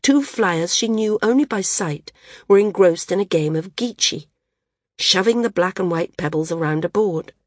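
A woman reading a novel aloud as an audiobook narrator, in a measured, unhurried storytelling manner. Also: on the low side, animated, dry recording, clean studio sound. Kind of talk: scripted narration.

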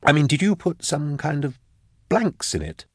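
Male narrator reading an awkward, rattled scholar; halting, hushed, trying to stay calm. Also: fairly high pitch, husky, no room sound, studio quality, pitched above the performer's own voice, full character voice. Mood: flustered. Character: nervous bookish man, awkward and rattled. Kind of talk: audiobook character voice.

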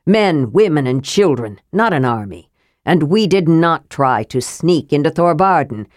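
A woman playing a gruff old dwarf. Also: sits low, animated, a little slow, darkish tone, no echo, clean studio sound. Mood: defensive. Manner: grim, gruff. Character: gruff old male dwarf, grim and weary.

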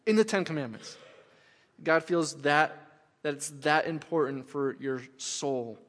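In a fairly high, slightly bright voice, a middle-aged pastor preaches as though chatting with his congregation, taking his time. Key phrases come back repeatedly to drive his points home, and a long reverb makes it sound like a large sanctuary.

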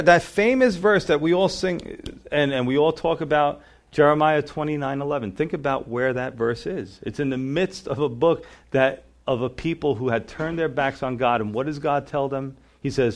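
A male pastor preaching a sermon, reading scripture aloud and swinging between fervent emphasis and quiet, low stress. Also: normal speed.

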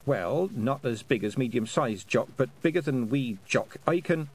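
Male narrator playing a polite young girl, a bit flustered, with a lively, lifted voice. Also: mid-range voice, normal speed, slightly rough.

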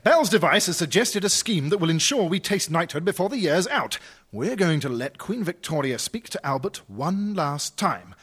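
A man's voice: high-pitched, very animated, moderate pace, a bit bright, breathy edge, exaggerated voice. A man playing a smug, scheming Victorian aristocrat who leads the plot in a comedy sketch. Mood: brisk.

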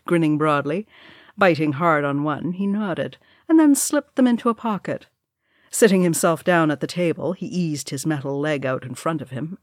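A woman narrating an audiobook in measured, even storytelling. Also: low voice, no echo, clean studio sound.

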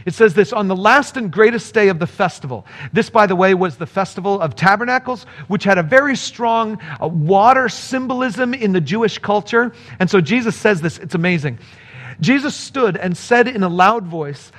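A male pastor preaching a sermon to his congregation, earnest and animated, speeding up in bursts and slowing down for emphasis. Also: sits high. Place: speaking to a remote congregation.

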